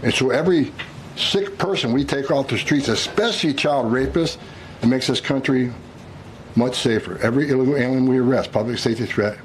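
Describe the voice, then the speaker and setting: A man's voice: mid-range voice, fairly quick, rough recording. An older man, a government official in a played clip, speaking with earnest intensity. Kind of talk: impassioned public remarks. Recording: clip with faint background noise.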